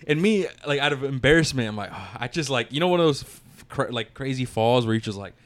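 A man's voice: medium pitch, lively intonation, fast talker, dry recording. A young man rambling through a profane story in casual chat, with many restarts.

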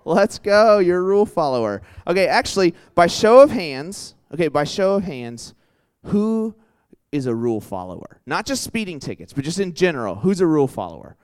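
A young man preaching in a casual storytelling style, chatty and animated, full of asides and questions put to a live audience. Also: a little high, moderate pace. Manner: chatty and animated, full of "like" and "right?", quizzes the crowd. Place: church hall with a live audience.

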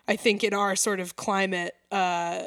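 A woman's voice: mid-range voice, level tone, measured pace, a bit bright, dry recording. Woman co-host, easygoing chatter, dry close-mic recording. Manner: chatty, many "like" fillers, laughs at own jokes. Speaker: podcast co-host. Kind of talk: casual chat.

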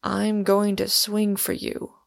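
Brief: woman voicing a sullen young student, quiet and gravelly, slow and gentle in his menace. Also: monotone, no room sound, studio quality. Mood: gently menacing. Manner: soft, low-key tenderness. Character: sullen young male undergraduate, mildly menacing.

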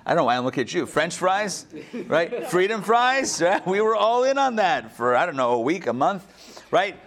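A man teaching a class, and his voice sits a little on the high side. He swings his pitch up and down a lot as he jokes and fires questions at the room. He leads a lively group discussion. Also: moderate pace. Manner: animated, joking, asks the group many questions. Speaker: teacher leading a text study. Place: classroom with an online audience.

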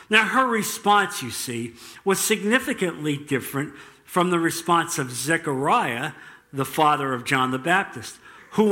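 A man preaching a sermon as pastor, reading scripture aloud slowly and earnestly. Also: a little high, pushed and bright.

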